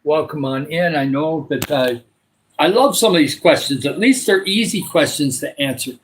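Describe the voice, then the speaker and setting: Older Michigan man, livestream host, meandering casual chat, filler-heavy, voice sits a bit high. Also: moderate pace, poor audio. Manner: rambling, many filler uhs. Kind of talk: casual live chat with viewers.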